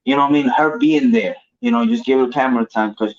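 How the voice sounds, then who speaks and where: Slangy, animated male podcaster. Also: medium pitch, fast talker. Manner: loose and animated, heavy slang. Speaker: podcast co-host. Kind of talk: casual wrestling chat. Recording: dull lo-fi audio.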